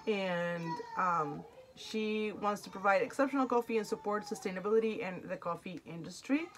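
A woman's voice: mid-range voice, moderate pace, fairly bright tone. A woman, chatting emotionally while unboxing and reading product cards aloud. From Argentina. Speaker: unboxing vlogger. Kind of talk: casual unboxing chat.

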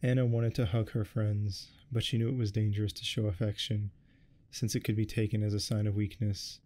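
A man doing a soft-spoken ASMR reading of a story, deadpan with irreverent asides. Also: fairly low pitch, brisk. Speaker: ASMR reader.

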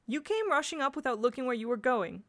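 Woman reading a spirited young girl, a touch higher than her own voice. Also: lively intonation, normal speed, sharp tone. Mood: upset.

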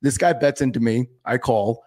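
A man's voice: mid-range voice, fairly even intonation, normal speed, darkish tone. A man hosting a podcast, telling a card-table story in loose, profane casual chat that is full of laughter. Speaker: podcast host.

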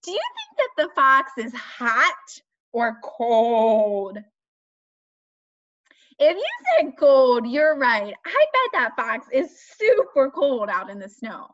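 A woman teaching young children, asking questions in a slow, sing-song way and stressing key words. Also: a little high, very animated, a bit bright. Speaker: children's speech and language teacher. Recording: dull lo-fi dry recording.

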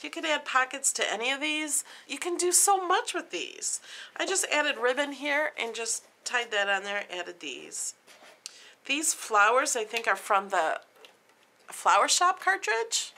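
A woman talks through her craft projects in a casual, homey show-and-tell. Her voice is bright and fairly high, and her pitch rises and falls a lot. A faint hiss runs under the recording. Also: big pitch swings, unhurried. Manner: chatty, plain and homey, pointing things out. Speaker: craft vlogger.

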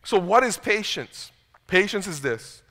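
Bright-voiced man preaching in a reverberant hall. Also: sits high, expressive, measured pace. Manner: conversational, self-deprecating, repeats words when starting sentences. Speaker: pastor. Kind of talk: sermon. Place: church sanctuary. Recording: long reverb of a church hall.

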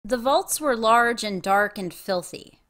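A female narrator of a fan audiobook reading. She reads slowly with a lively, varied pitch.

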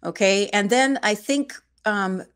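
A woman's voice: medium pitch, a little slow, a bit bright. A woman in her sixties from Northern California, an interview guest talking in an emphatic, wry way and repeating phrases for stress. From Shasta County, California. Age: 60s. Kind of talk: conversational interview.

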